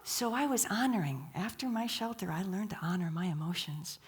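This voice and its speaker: A woman's voice: fairly low pitch, expressive, a little fast, breathy edge. A woman giving a sermon at a church, telling stories, asking the audience questions and dropping to a whisper for emphasis. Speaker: guest speaker.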